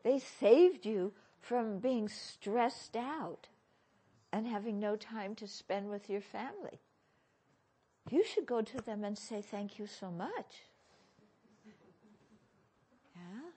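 A woman teaching as a Buddhist teacher in a dharma talk, questioning her listeners with gentle humor. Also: fairly high pitch, lively intonation, slow pace, breathy edge.

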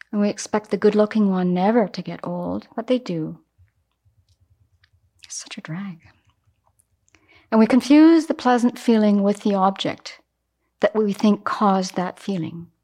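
Animated woman giving a dharma talk. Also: medium pitch. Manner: animated, acts out everyday examples. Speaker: Buddhist teacher.

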